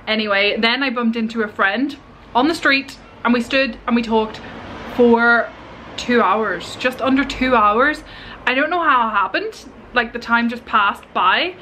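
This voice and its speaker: A woman's voice: on the high side, moderate pace, sharp tone. Giggly young woman vlogging. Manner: rambling, giggly, lots of "like". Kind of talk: chatty life-update vlog. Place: home kitchen, indoors. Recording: noisy home camera recording.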